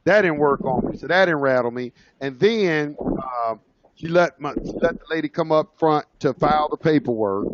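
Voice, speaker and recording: A presenter with a fairly high, expressive male voice tells a story at normal speed, captured in dull lo-fi audio. His telling is casual and rambling, loosely phrased, with many fillers and restarts.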